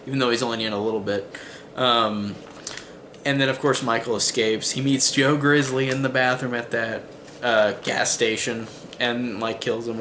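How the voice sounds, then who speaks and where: A man's voice: mid-range voice, a bit bright, a little hiss or hum. A man casually reviewing a movie on his channel, rambling with lots of "like" and "um", and swearing when he gets exasperated. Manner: rambling, heavy use of "like" and "um". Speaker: film reviewer.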